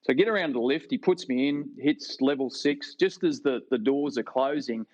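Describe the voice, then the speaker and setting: A man's voice: mid-range voice, moderate pace, a little mellow, dry recording, poor audio. A middle-aged Australian man, a former rugby league player, telling a self-deprecating story as a guest over a video call. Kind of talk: storytelling interview.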